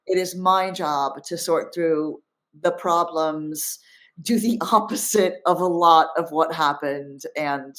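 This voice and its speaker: Woman, middle-aged, low-pitched, interview guest, reflective, earnest, fillers and restarts. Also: slow, fairly bright tone. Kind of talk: casual conversational interview.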